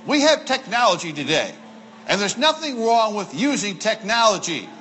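A man preaching a sermon as pastor, emphatic, repeating key lines and slowing down to stress words. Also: high-pitched, very animated, sharp tone, slight background noise, rough recording. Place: church.

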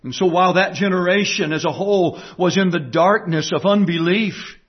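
Guy preaching a sermon, pretty high voice, keeps repeating stuff for emphasis, muffled lo-fi recording. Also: moderate pace, husky. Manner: emphatic, repeats key phrases and asks the listeners rhetorical questions.

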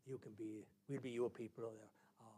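A man's voice: mid-range voice, little pitch movement, fairly quick, mellow, slightly rough, natural voice. A man voicing a boastful giant warrior with a Welsh accent, taunting his enemies.

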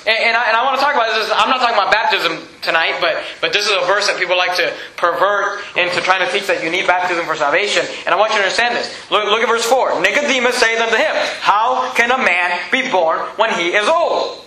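A man's voice: sits high, fast, hardly any pauses, bright, forceful tone, reverberant, poor audio. A man preaching a sermon, repeating his points and questioning the congregation emphatically. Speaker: pastor.

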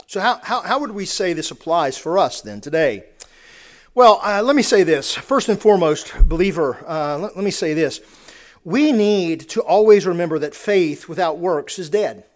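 A man's voice: sits high, expressive, normal speed. A man preaching a sermon, earnest, often repeating words and restarting phrases as he builds a point.

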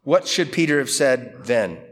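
A man with a mid-range voice preaches through a Bible passage verse by verse, taking his time. His expository teaching is conversational yet lively and emphatic, and he often poses rhetorical questions.

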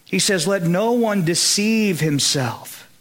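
A man with a high, lifted voice and a Southern US accent preaches a sermon. He talks to the congregation conversationally, checking that they follow along. He builds to emphatic high points. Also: animated, slow pace, fairly bright tone. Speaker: pastor.

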